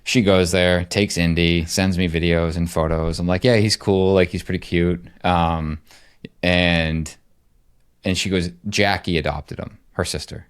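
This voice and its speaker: A middle-aged man co-hosting a podcast, telling a rambling, animated story in casual chat. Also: low voice, a little slow, clear, resonant tone. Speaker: podcast co-host.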